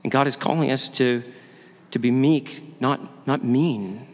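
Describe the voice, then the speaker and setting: A man's voice: mid-range voice, measured pace. A male pastor giving an earnest sermon, asking his listeners questions and often repeating words as he goes. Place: church sanctuary. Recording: long hall reverb.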